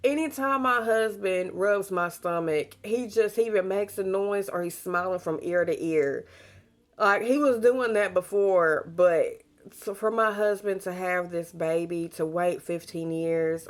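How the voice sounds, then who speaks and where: A pregnant vlogger, a young adult woman, chats casually to the camera and tells stories warmly and talkatively, dropping in bits of Southern slang. Her voice sits fairly low, with a steady tone and a measured pace.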